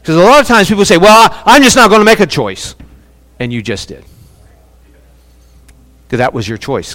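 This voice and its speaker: Man, pastor, emphatic sermon, high voice, long church-hall reverb. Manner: emphatic, repeats key words with long pauses.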